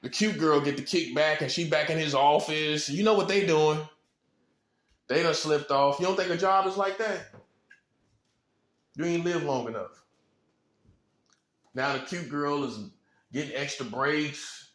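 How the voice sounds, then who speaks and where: A man's voice: on the high side, a little slow, long pauses, a bit bright, echoey room. A man giving an informal preaching monologue, blunt and repetitive, with slang and chuckles. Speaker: self-styled prophet.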